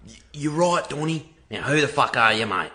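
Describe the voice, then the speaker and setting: A man acting in a comedy skit, loud, profane and excitable. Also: mid-range voice, a little fast. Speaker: comedy creator. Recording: loud background noise.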